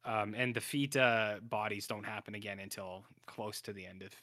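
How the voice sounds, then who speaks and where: Recapping a TV show on a podcast he co-hosts, this man chats loosely, stumbling over ums, uhs and restarts. He speaks at a moderate pace with a lowish, fairly even, bright and forceful voice, recorded dry and clean in a studio.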